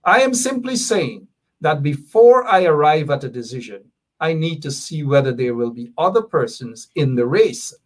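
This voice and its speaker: Activist guy on a talk show, kinda high voice, slow careful answers, keeps repeating his point. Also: very animated. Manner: measured and deliberate, repeats points for emphasis. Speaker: activist guest.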